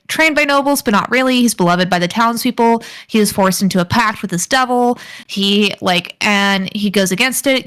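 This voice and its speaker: A woman's voice: mid-range voice, fairly bright tone, clean tone. A woman co-hosting a podcast in casual chat, rambling with lots of fillers and giggles. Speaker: podcast co-host.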